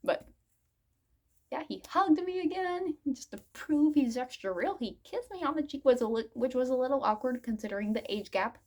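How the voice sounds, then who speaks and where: A woman in her mid-twenties telling a story in a casual vlog. She is giggly and excitable, laughs often, and rambles with lots of "I'm like" asides. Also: sits high, normal speed. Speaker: vlogger.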